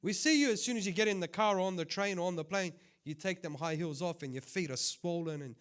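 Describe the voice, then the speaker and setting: A man who is a sheikh giving a conversational sermon, swinging between loud impassioned appeals and quiet asides. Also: high-pitched, fast, few pauses. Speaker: sheikh giving a religious talk.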